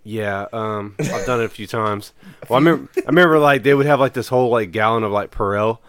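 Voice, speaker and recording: A man's voice: lowish voice, quick pace, a bit bright, clean tone, dry recording. A man casually telling profane stories on a podcast, rambling with lots of fillers and laughing through them.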